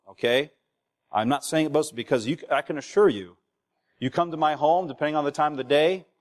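Preaching man in a reverberant hall. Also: on the high side. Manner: exhorting, asks the congregation for replies. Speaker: pastor. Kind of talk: sermon. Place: church hall. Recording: long reverb of a church hall.

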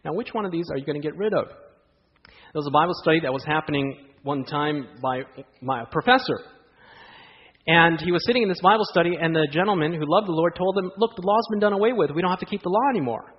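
A man delivering a sermon, with a voice that sits a little high for a man. His stories come animated and are dotted with rhetorical questions to the listeners. The sound is dull and lo-fi, with a long hall reverb behind him. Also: fast. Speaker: preacher.

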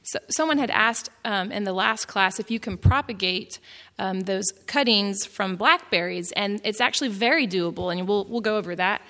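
Bright, chatty Texan woman presenting a class. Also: mid-range voice, normal speed. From Texas. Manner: chatty, giggly, self-deprecating. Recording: reverberant hall.

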